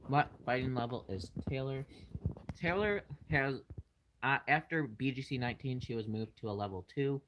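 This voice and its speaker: A man's voice: medium pitch, normal speed, noisy background. A man hosting his channel, casually answering live chat questions in a rambling way with lots of fillers.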